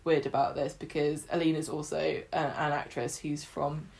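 A woman's voice: low voice, little pitch movement, moderate pace, creaky, a little mellow. A woman chatting enthusiastically as a podcast co-host, full of fillers and restarts. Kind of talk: casual chat about a soap opera.

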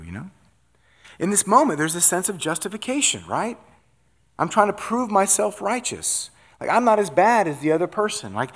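A man's voice: fairly high pitch, sing-song, normal speed, a bit bright. Conversational man preaching a sermon. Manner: conversational, asks "right?" often. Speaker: pastor.

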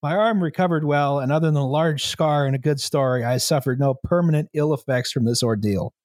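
A man reading a story aloud to a co-host in a measured, steady way, now and then breaking into laughter. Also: on the high side, no echo, clean studio sound. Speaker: story reader.

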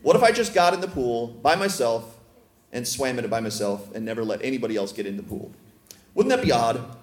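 A man preaching a sermon as pastor, playful and teasing with gentle humor. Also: mid-range voice, big pitch swings, fairly quick. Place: church sanctuary. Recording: echoey church room.

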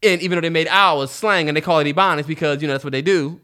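A young man with a DMV accent, co-hosting a podcast in casual, animated chat. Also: on the high side, smooth. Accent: DMV African American English. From DC-Maryland-Virginia area. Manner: animated, laughs often, quick back-and-forth. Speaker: podcast co-host.

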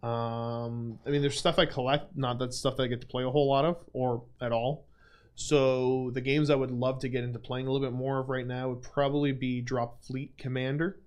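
A man's voice: mid-range voice, flat delivery, normal speed, darkish tone, clear, resonant tone. Young male stream host, casual Q&A, self-deprecating, filler-heavy. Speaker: livestream host. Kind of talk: casual livestream Q&A chat.

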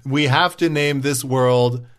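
A man co-hosting a podcast in casual chat, trading playful deadpan jokes. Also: mid-range voice, slow pace. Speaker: podcast co-host.

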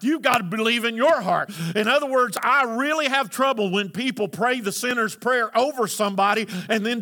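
A male pastor preaching a sermon, asking the congregation for responses and building to shouted emphasis. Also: high voice.

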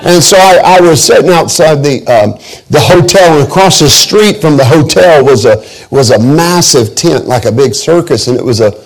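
A man's voice: a little high, expressive, normal speed, poor audio. A pastor preaching a sermon, telling joking, folksy stories and often restarting his sentences.

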